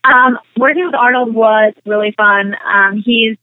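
A young woman chats as an interview guest, rambling through stories with constant "like" and "um". Her voice sits a little high, and it comes through a dry, tinny phone-like line. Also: a little slow, no room sound. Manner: rambling, full of "like" and "um", animated retelling. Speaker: interview guest, actress and singer. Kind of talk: casual interview chat.

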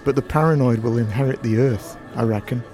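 A man's voice: medium pitch, brisk, dark tone, faint music behind, natural voice. Man reading a dry, wry young art student guy, pretty much his own voice.

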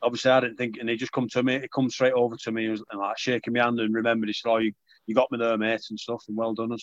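A man's voice: medium pitch, completely flat delivery, rapid-fire, no room sound. Young man, casual interviewee, self-deprecating, dry dull recording. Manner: chatty, self-deprecating, many restarts. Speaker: rugby league player.

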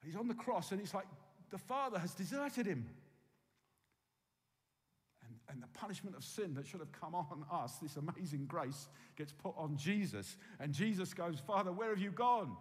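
A man preaching a sermon, swinging from loud emphasis to hushed, quiet tones. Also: fairly high pitch, expressive, normal speed. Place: church hall with long reverb. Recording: reverberant hall.

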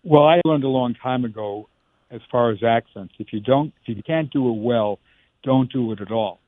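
Matter-of-fact director on a phone line. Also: male voice, mid-range voice, moderate pace, dry recording. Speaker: theater director. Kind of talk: casual interview. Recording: tinny phone-like line, dry.

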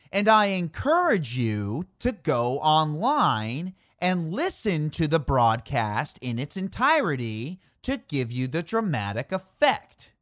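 A narrator who tells history conversationally and talks straight to the listener. The pace is slow and unhurried, while the pitch rises and falls a lot. The recording is dry and close, with no room echo. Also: fairly bright tone. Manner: unhurried, addresses listeners directly.

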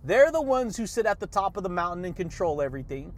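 A man with a high voice hosts a motivational podcast. He talks excitably and repeats himself in a preachy pep-talk style. He laughs often and drops catchphrases between his points. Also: fast, few pauses. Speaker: podcast host.

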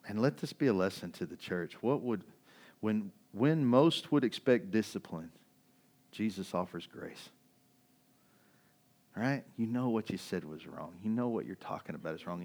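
Laughing often, a male pastor preaches casually and conversationally. His sermon moves back and forth between loud excitement and quiet, subdued stretches.

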